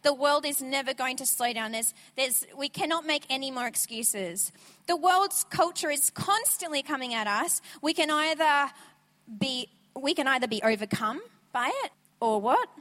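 A woman preaching an energetic, conversational sermon at church. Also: high-pitched, moderate pace. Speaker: guest preacher. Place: church sanctuary. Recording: church sanctuary with long reverb.

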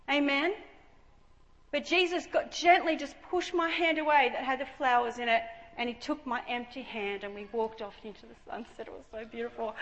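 A high-voiced woman preaches a personal testimony with lively storytelling, dropping to a near hush and then rising loud again. Her voice rings with a long hall echo, as if heard in a church sanctuary. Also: normal speed. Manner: animated storytelling, swings from hushed to loud. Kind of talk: testimony sermon. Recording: echoey hall reverb.

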